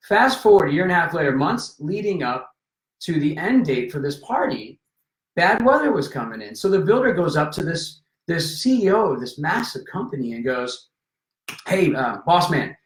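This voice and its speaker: A man in casual conversation telling a story with lively energy, acting out the people in it. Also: a little high, normal speed. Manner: animated, acts out voices in anecdotes. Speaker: podcast guest. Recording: roomy echo.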